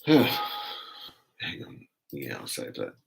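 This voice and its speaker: An Australian man hosting a casual live stream, chatting in a relaxed, rambling way as he reads out viewer comments. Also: extremely low pitch, takes it slowly, creaky, low-quality recording.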